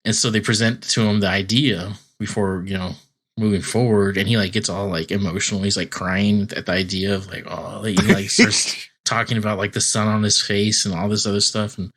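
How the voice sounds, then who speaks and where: Laid-back lower-voiced man rambling. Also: flat delivery, a little fast, fairly bright tone. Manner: rambling storytelling, many "like" fillers, acting out quotes. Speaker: podcast co-host. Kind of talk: casual chat recapping a cartoon episode.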